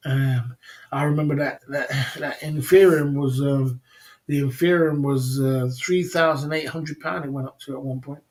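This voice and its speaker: A man's voice: mid-range voice, fairly even intonation, normal speed, darkish tone. A man hosting a casual livestream, rambling about stocks and reading chat comments, often repeating "you know what I mean". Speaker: livestream host.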